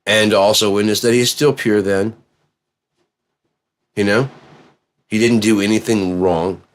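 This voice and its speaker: A man in a profane, rambling monologue that swings between low mutters and excited yelling. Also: a little slow.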